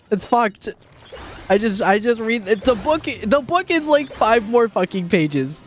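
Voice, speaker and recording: A sarcastic male streamer rants casually, swearing freely and slipping into mocking voices for the people he quotes. His voice sits a bit high, and faint music plays behind him. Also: animated, a little slow. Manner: ranting, sarcastic, swears often.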